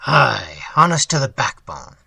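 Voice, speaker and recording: A hearty, blunt old-world innkeeper with a gruff, guttural Dutch accent, as a male reader puts him on. The voice is husky yet bright and lively, swinging widely in pitch. It sits dry and close in a storybook telling. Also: unhurried, dry recording, heavily acted.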